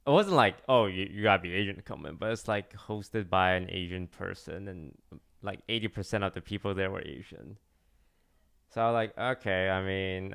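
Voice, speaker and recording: A man's voice: low-pitched, creaky, a bit bright, smooth. A young man, a streamer, telling a story in a casual, rambling way with many fillers and restarts.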